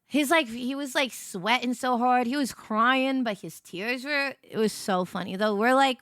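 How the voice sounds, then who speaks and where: A woman's voice: fairly high pitch, unhurried, few pauses, fairly bright tone, no echo, clean studio sound. A young woman streamer chatting casually on a livestream, telling stories animatedly and greeting viewers by name.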